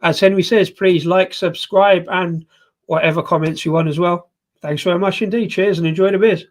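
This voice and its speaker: A man hosts a live beer review stream, talking in a casual, jokey way. His voice sits a little high. He rambles and restarts his sentences. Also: fairly even intonation, normal speed. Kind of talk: casual chat.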